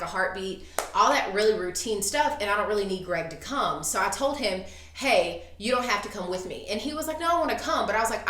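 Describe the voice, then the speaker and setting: A woman in her thirties telling a story in casual chat, animated and acting out the voices she quotes. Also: mid-range voice. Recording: echoey room.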